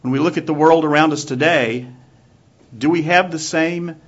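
A man preaching a sermon to his congregation in a church, asking measured rhetorical questions. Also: fairly high pitch, husky. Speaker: pastor. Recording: dull lo-fi recording.

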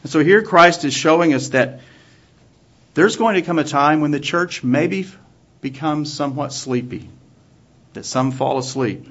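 A man preaching a sermon to his congregation in a church, asking measured rhetorical questions. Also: a little high, a bit bright. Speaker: pastor. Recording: dull lo-fi recording.

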